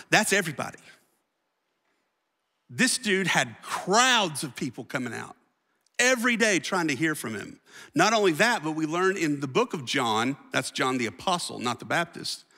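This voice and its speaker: A man preaching a sermon with a bright, forceful tone, telling the story in a casual, slangy way. His voice rings out with a long hall reverb, as if from a church sanctuary. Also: a little high. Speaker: pastor.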